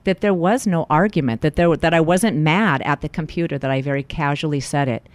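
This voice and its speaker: Her voice sits low and moves fairly quickly as the middle-aged life coach shares a personal story in an interview. She brings it to life by acting out what each person said.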